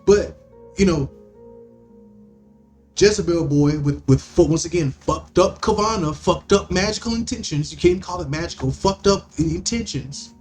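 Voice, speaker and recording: A man's voice: on the high side, a little mellow. Profane, rambling man ranting. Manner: rambling, stammering restarts, heavy cursing. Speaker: podcast host.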